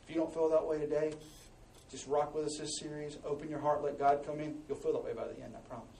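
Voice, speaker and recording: A pastor with a high voice preaches a sermon at a quick pace, animated and conversational, slipping into quiet asides before pushing out loud exhortations. He's heard from a distance in an echoey church hall with faint ambience and slight background noise.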